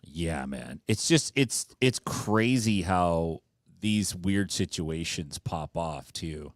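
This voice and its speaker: Deep, slow-talking podcast co-host. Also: male voice, expressive, dry recording, clean studio sound. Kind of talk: casual chat.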